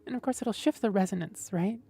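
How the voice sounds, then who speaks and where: A woman streamer in casual livestream chat, explaining voice technique in a gentle, thoughtful way and often checking in with "right?". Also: medium pitch, a little fast, gravelly, breathy edge, faint music behind. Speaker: streamer host.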